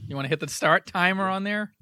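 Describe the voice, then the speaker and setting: A man's voice: sits high, fast talker, bright, forceful tone, clean tone. A man co-hosting a casual podcast, rambling and wry and self-deprecating. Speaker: podcast co-host.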